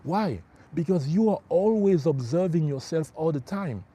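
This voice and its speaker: A man's voice: a little high, expressive, moderate pace, dark tone, slightly rough. A middle-aged man working as a spiritual life coach, giving an emphatic motivational livestream talk. He repeats his key phrases and calls his listeners bro.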